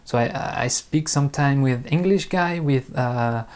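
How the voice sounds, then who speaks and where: A man with a French accent, a native French speaker, talking slowly and carefully to camera as an online French teacher, with many pauses and restarts. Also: mid-range voice, smooth. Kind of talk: casual talk to camera.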